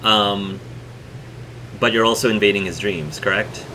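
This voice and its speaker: A man narrating as game master of a tabletop game, halting with many ums and restarts. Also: lowish voice, fairly even intonation. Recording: noisy room hum.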